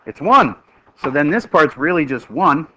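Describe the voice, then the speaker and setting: Bright-voiced joking male math teacher. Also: fairly high pitch, normal speed, low-quality recording. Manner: lively, joking, quizzing the class. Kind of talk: classroom teaching. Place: classroom.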